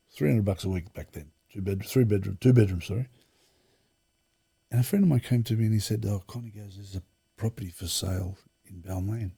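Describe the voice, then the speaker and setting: A middle-aged man settles into a long anecdote as a podcast guest. His voice sits low and mellow, with a gravelly, husky edge. He rambles, restarts his sentences and acts out other people's lines as he goes. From Australia. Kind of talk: casual storytelling interview.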